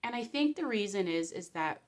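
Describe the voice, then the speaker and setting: A woman vlogger giving casual commentary straight to camera. Her delivery is animated and expressive. She often slips into short acted-out quotes. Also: mid-range voice, normal speed.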